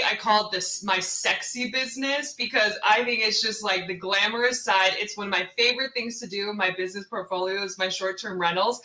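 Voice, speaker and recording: A woman's voice: medium pitch, bright, forceful tone, echoey room, low-quality recording. A woman from Seattle, a real estate investor and podcast guest, telling her story earnestly and repeating words for emphasis. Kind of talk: personal story in an interview.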